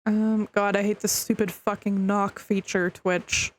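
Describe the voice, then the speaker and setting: A woman's voice: mid-range voice, level tone, normal speed. A woman streamer wrapping up a stream in casual chat, rambling with lots of fillers and the odd curse, hiccuping.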